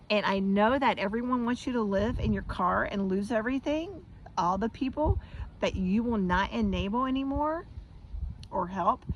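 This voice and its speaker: A woman's voice: a little high, a little hiss or hum. A middle-aged woman from the United States in an impassioned monologue, blunt and profane, now and then mocking others in sing-song voices. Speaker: vlogger.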